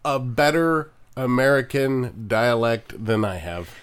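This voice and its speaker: A man's voice: medium pitch, animated, slow pace, clean tone. A man co-hosting a podcast, chatting casually and joking, often trailing off mid-sentence. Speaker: podcast co-host. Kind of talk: casual chat.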